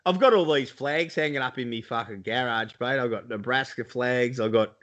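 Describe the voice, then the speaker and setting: A man's voice: mid-range voice, moderate pace, fairly bright tone, lo-fi sound. A man with an Australian accent, co-hosting a casual podcast chat over a video call and swearing freely as he talks sport. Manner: sweary, blokey banter. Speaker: podcast co-host. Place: home, lives in Iowa.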